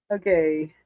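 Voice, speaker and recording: A woman chats casually on her own livestream, speaking in an ordinary middle register. She is candid and quick to laugh, and she swears freely. The sound is close and dry, with no room echo. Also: medium pitch, phone-quality sound. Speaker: livestream host reading chat. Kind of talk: casual chat. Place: home living room.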